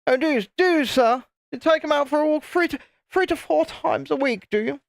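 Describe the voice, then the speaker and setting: A pompous upper-class English toff, all plummy exaggerated drawl and mock disbelief, as a man puts on the voice. The voice sits far above his normal pitch and swoops with fake astonishment. The sound is dry and close. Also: fairly quick, vocal fry, no room sound.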